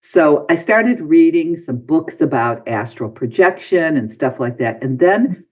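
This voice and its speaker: A man's voice: on the high side, animated, a little slow. Man telling a story on a dull recording. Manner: acts out own past dialogue with voice swings. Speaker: podcast guest. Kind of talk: animated personal storytelling. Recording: dull lo-fi podcast audio.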